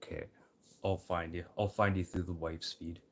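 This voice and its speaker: A man with a very deep, low-pitched voice talks casually to his livestream audience. He rambles and swears freely, drifting from quiet mutters to loud, eager pep talk. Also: flat delivery, normal speed. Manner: rambling, profane, swinging between muttering and loud encouragement.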